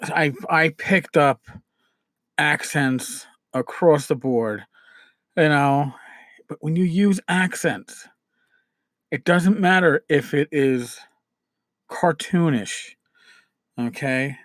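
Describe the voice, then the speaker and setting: Speaking slowly and pausing often, the New York podcast host has a high, somewhat bright voice. He chats his way through casual advice, repeating himself, restarting phrases, and moving between emphasis and muted asides, all in clean studio sound without echo.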